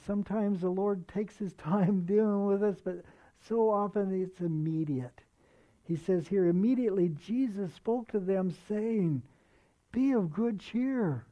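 A preacher giving a sermon, reading verses aloud and explaining them in an earnest, conversational way, slowing down to stress key words. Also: mid-range voice, dark tone. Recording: dull lo-fi recording.

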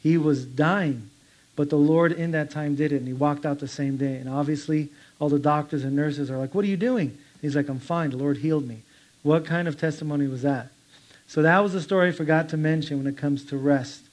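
A man's voice: a little high, steady tone, a little fast, darkish tone. A man preaching an informal sermon, telling stories in a conversational way and acting out the people in them. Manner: conversational storytelling with quoted voices; laughs while telling stories. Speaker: pastor.

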